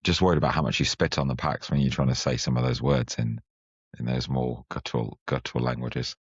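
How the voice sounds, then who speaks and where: Very deep, husky-voiced male host. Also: steady tone, brisk, no echo. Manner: teasing, chummy banter. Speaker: podcast host. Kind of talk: casual chat. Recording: slightly muffled, dry sound.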